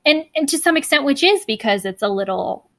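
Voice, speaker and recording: A woman co-hosting a podcast in casual chat, talking fast and loose with lots of fillers and restarts. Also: high-pitched, expressive, a bit bright, no room sound. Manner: chatty, many fillers and restarts. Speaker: podcast co-host.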